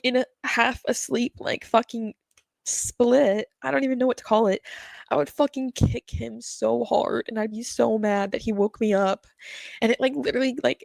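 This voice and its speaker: A young woman tells her viewers about something painful, her speech rambling, slangy, and full of fillers as she sweats nervously and nearly cries. Her voice is a little high, creaky, and darkish in tone, with no room sound.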